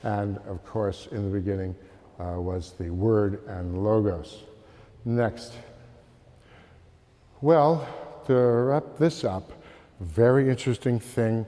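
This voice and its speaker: A man giving an art history slide lecture, halting with many fillers and calling for the next slide. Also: on the low side, dark tone. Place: lecture hall. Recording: long hall reverb.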